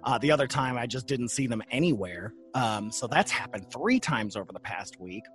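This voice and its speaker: A man hosting a paranormal podcast in casual chat, animated and laughing often. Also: medium pitch, moderate pace, soft background music. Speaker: podcast host.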